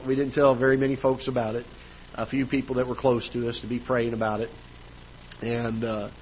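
A man's voice: medium pitch, lo-fi sound, a little hiss or hum. A man preaching a sermon as pastor, telling a personal story in a conversational way with frequent restarts. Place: church auditorium.

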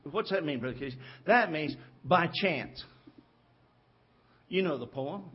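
A man's voice: fairly high pitch, animated, a little slow, long pauses, husky, dull audio. A man preaching a sermon from the pulpit of a church, retelling a story with voices for its characters. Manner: storytelling, acting out the characters' lines. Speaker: pastor. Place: church sanctuary.

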